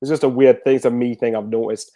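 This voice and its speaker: Guy rambling fast about football, lots of ums, warm darkish voice, dry close sound. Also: medium pitch, level tone, dry recording. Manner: rambling, many fillers and restarts. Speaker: guest football fan. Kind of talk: casual video call chat.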